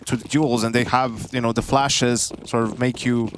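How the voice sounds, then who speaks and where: A man explaining match tactics in measured analyst commentary. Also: mid-range voice, level tone, slight background noise. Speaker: esports analyst.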